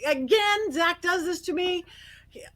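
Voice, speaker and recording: A middle-aged woman guest on an interview, telling stories in an animated way, acting out quotes and laughing often. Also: very high voice, unhurried, poor audio. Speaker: guest psychic medium. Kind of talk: casual interview storytelling.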